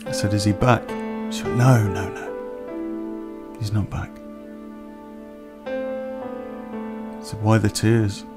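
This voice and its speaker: A man telling a personal story on a podcast in a plain-spoken, unhurried way with pauses. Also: on the low side, steady tone, loud music behind the voice.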